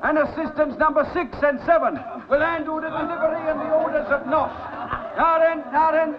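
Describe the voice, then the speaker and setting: An actor playing a harassed, flustered shopkeeper husband in a 1960s television sitcom. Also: male voice, sits high, animated, normal speed, crowd noise. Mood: officious. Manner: flustered and pleading. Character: harassed, put-upon middle-aged shopkeeper husband. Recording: dull old TV soundtrack with hiss.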